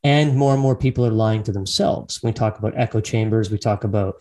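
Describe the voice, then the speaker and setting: A man's voice: on the low side, brisk, a little mellow. A man hosting a casual interview podcast, musing reflectively with frequent listening murmurs. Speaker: podcast host.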